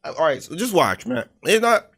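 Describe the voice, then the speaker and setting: A young man co-hosting a podcast in casual chat, laid-back but quick to protest. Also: big pitch swings, a bit bright, slight background noise. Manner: laid-back, protests with rising pitch, repeats "hold on". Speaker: podcast co-host.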